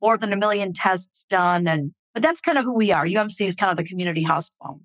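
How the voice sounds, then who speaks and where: An older woman from England, a hospital technology executive, talking in a casual interview with animated, storytelling delivery. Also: no echo. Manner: animated, expressive storytelling with quick pitch jumps. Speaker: hospital chief information officer, guest.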